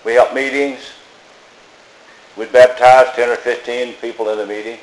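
A man's voice: mid-range voice, steady tone, normal speed. An older man preaching a folksy, plainspoken sermon, repeating his phrases as he tells stories. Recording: echoey room.

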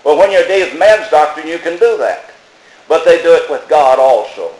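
A man's voice: a little high, moderate pace, darkish tone. An older man preaching a folksy, plainspoken sermon, repeating his phrases as he tells stories. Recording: echoey room.

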